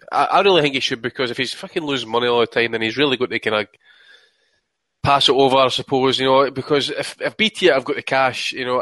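A man's voice: mid-range voice, pushed and bright, no room sound. A man co-hosting a boxing chat podcast, talking casually with many restarts and frequent swearing. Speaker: podcast co-host.

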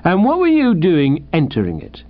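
A man plays a blunt police constable, firing curt, suspicious questions in a gruff, lively voice. The sound is dull and lo-fi. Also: on the high side, moderate pace, voice pushed up. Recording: dull lo-fi recording.

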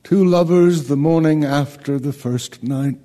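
A man's voice: a little high, unhurried, mellow, close to an everyday voice. An actor playing a weary old king. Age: older. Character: weary grieving old king, bitter and dry. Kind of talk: radio drama acting.

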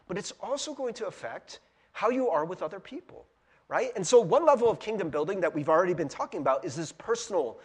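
A man, the pastor, preaching a sermon in a casual, conversational way, often tossing in "right?" and laughing at himself. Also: high voice. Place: church sanctuary. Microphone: handheld or stand mic.

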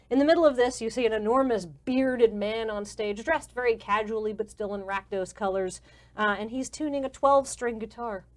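A woman narrating a tabletop game as game master in a casual, descriptive way. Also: on the high side. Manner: casual, descriptive, many fillers.

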